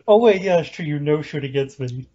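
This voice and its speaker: A man hosting a podcast, firing off brisk questions in a casual chat. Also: on the high side, lo-fi sound, noisy background. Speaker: podcast host.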